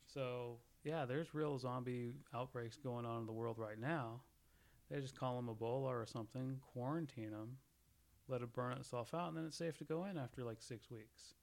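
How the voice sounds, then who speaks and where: A man's voice: medium pitch, moderate pace, a little mellow. A man in casual podcast chat, rambling through jokey theories with frequent laughs and restarts.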